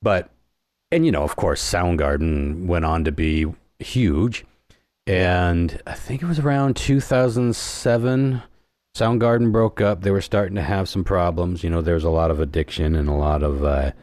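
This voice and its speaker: A man's voice: low voice, a little mellow, dry recording, studio quality. A middle-aged man hosting a podcast, telling stories in a rambling, laid-back way. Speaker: podcast host. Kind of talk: casual chat.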